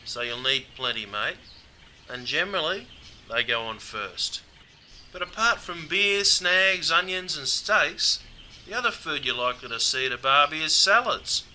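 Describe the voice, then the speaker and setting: A man's voice: a little high, lively intonation, a little slow, bright, forceful tone, slight background noise. A man with an Australian accent, presenting a scripted comedic explainer in a dry, matey way. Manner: dry, matey, says mate constantly.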